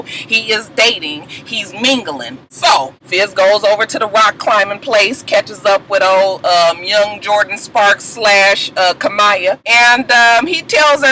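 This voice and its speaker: A woman's voice: medium pitch, normal speed, few pauses, a little hiss or hum, poor audio. A woman giving a blunt, profane, laughing recap of a reality TV episode in a casual vlog. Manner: blunt, swearing, laughing, animated storytelling. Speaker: TV recap vlogger.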